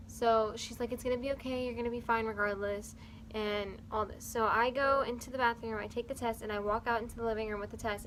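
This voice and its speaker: A woman's voice: a little high, slight background noise, low-quality recording. A young woman vlogger earnestly telling a personal story, rambling along with fillers.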